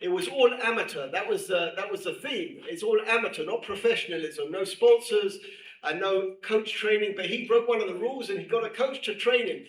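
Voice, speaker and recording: A man teaching a class, animated and emphatic, repeating key phrases and reading Hebrew texts quickly. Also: high voice. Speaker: teacher at a women's seminary. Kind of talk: lecture to a class. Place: room with a class present. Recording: echoey room, distant mic, faint hiss.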